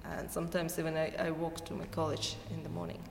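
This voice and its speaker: A woman's voice: deep voice, completely flat delivery, quick pace, vocal fry. A woman from Russia with a Russian accent, answering interview questions hesitantly, searching for words and laughing often. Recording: echoey hall, faint background noise.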